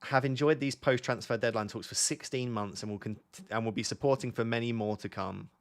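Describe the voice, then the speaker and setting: A man's voice: medium pitch, steady tone, fairly quick. A young man hosting a livestream in casual chat, laid-back and joking, rambling with lots of fillers. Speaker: livestream host. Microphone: on a mic near the camera.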